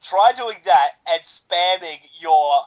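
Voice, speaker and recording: A man co-hosting a gaming podcast, terse and blunt, with casual swearing. His voice is high and jumps around lively in pitch. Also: slow, rough recording. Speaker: podcast co-host.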